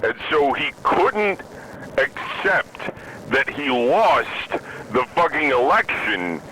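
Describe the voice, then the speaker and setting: A man's voice: mid-range voice, sing-song, slow pace, pushed and bright, a little hiss or hum, poor audio. A man hosting a podcast, delivering an angry, profane rant from a moving vehicle. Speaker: podcast host.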